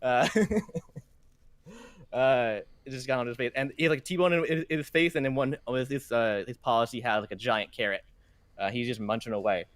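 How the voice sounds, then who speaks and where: A man's voice: medium pitch, moderate pace, dry recording. A young man running a tabletop game as game master, rambling through his narration with many restarts. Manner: rambling, full of fillers and restarts, laughs at himself.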